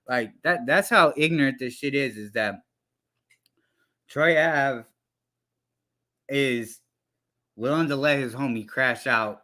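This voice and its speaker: A man's voice: a little high, sharp tone. A man hosting a livestream, ranting with heated, profane commentary into a headset mic.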